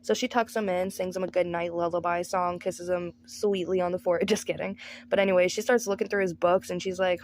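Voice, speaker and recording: A woman's voice: fairly low pitch, fairly even intonation, fairly quick, a little mellow, slight background noise. A woman recapping a movie in casual commentary, sarcastic and profane, with "like" in nearly every sentence. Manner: sarcastic, profane, says "like" constantly. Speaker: movie reviewer.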